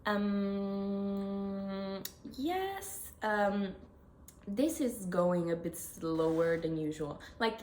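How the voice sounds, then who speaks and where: A woman's voice: mid-range voice, lively intonation, very slow, darkish tone. A young woman with an Italian accent, chatting casually to camera as host of her knitting podcast, self-correcting and giggling as she goes. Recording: echoey room with faint noise.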